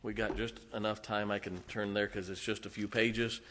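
A man's voice: lowish voice, steady tone, normal speed, a bit bright, slight background noise. A man preaching a sermon in a folksy, storytelling way, with emphatic rhetorical questions. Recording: long hall reverb.

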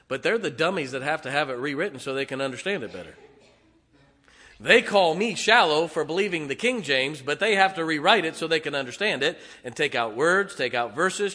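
Older male pastor, slightly high and bright-toned voice, emphatic sermon delivery, long church reverb. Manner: emphatic, swings from booming declarations to quiet wry asides. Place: church sanctuary.

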